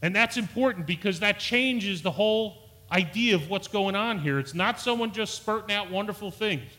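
A pastor with a high, pushed, bright voice preaches an earnest sermon at a moderate pace. He stumbles over and repeats words, his voice rising for emphasis.

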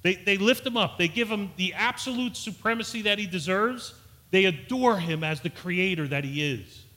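Male pastor, earnest sermon delivery, bright tone with a slightly high pitch. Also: expressive, normal speed. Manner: earnest, repeats and restarts words, rises for emphasis.

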